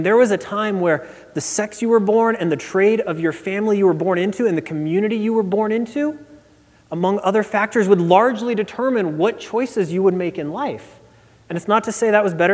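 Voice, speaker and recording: A man from Nebraska preaching a sermon, telling an animated, self-mocking story. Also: high-pitched. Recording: long hall reverb.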